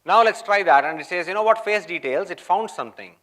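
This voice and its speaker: A man with a fairly high voice walks an audience through a live coding demo at a conference. He keeps it chatty and checks in with the room as he goes. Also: lively intonation, fast talker, a bit bright. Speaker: tech conference presenter. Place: conference hall.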